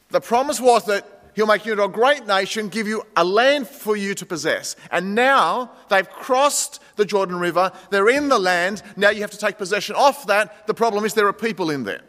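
A man's voice: sits high, normal speed, hardly any pauses, fairly bright tone, long reverb tail. A male pastor preaching a conversational sermon, addressing the congregation as friends and telling a story. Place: church sanctuary.

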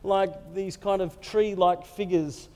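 A man's voice: high-pitched, steady tone, takes it slowly, darkish tone. A man voicing an unsure blind man who has been only partly healed. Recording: echoey hall reverb.

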